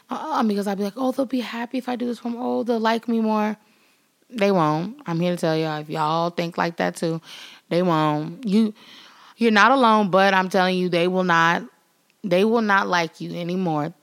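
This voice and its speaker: A woman vlogger giving a motivational talk to her viewers, repeating phrases for emphasis and acting out the voices she quotes. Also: lowish voice. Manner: speaks straight to viewers, acts out quoted voices; laughs now and then. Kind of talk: motivational vlog talk to camera.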